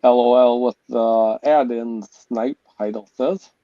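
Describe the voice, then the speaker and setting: A man co-hosting a casual livestream, relaxed and reading chat messages aloud. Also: medium pitch, takes it slowly, no echo, highs cut off. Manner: laid-back, reads chat messages aloud.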